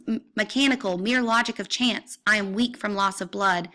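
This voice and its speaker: A woman reads a novel aloud in a bright, ringing voice. Her telling is intense and vivid, and she climbs into cries when the story turns violent. She sits at an ordinary, middle pitch throughout. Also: fairly quick, few pauses. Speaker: reader. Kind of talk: dramatic reading of a novel.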